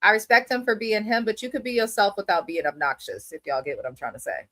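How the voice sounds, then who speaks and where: A woman's voice: medium pitch, quick pace, pushed and bright. A woman giving blunt, opinionated, profane commentary while reviewing a reality TV episode. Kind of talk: casual commentary.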